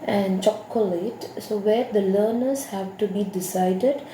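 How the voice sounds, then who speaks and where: A woman teacher gives a lecture, her voice mellow and unhurried. She explains things patiently and comes back to the same key terms again and again. The recording sounds roomy, with a faint hiss behind her. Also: mid-range voice. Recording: echoey room with faint hiss.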